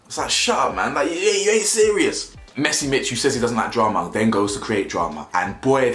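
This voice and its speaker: A man's voice: medium pitch, big pitch swings, normal speed, a bit bright. A young man giving slangy, mocking casual commentary as a video reviewer, laughing often. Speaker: YouTube reviewer. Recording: roomy echo, faint music.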